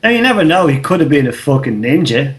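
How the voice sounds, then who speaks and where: A man's voice: fairly high pitch, big pitch swings, fast talker. An Irish man in his thirties, co-hosting a podcast in casual chat, telling a loose, slangy story and swearing freely. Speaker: podcast co-host.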